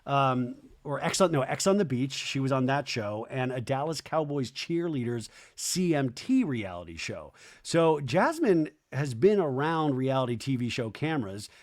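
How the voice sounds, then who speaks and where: A man's voice: mid-range voice, expressive, normal speed, hardly any pauses. A man hosting a podcast, recapping a reality show in a chatty, sarcastic way, slipping into mock voices when he quotes people. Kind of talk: casual recap commentary.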